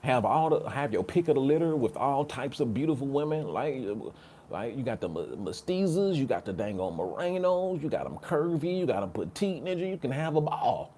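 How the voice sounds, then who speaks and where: A man's voice: medium pitch, sing-song, normal speed, warm tone, a little hiss or hum. A man hosting a casual livestream, reading chat comments and talking in an emphatic, slangy way, repeating himself and tagging his points with "right?". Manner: repetitive, emphatic, slangy, rhetorical "right?" tags.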